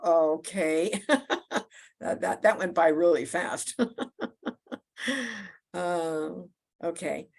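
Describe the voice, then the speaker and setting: Woman moderator on a video call, lower register, halting with fillers and repeats. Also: fairly even intonation, creaky, a little mellow. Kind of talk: closing remarks on a video call.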